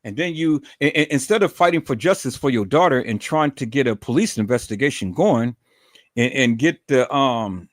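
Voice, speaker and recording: A man's voice: medium pitch, lively intonation, normal speed, dry recording, studio quality. A middle-aged man ranting angrily on a livestream, swearing freely, stumbling over repeated words and calling out to his viewers. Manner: profane, indignant, calls the audience "peoples"; repeats words when worked up, swings to loud outbursts. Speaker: livestream commentator. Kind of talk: angry ranting livestream commentary.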